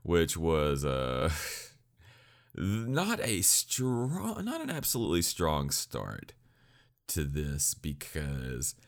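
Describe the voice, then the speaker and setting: A man's voice: extremely low pitch, wildly swooping pitch, drawn-out words. A man rambling casually through an anime review, joking and swearing as he goes.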